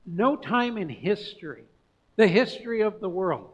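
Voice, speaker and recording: Man, pastor, high voice, sermon, casual preaching, emphatic swells, hushed drops, dull lo-fi sound. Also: very animated, measured pace, slightly rough.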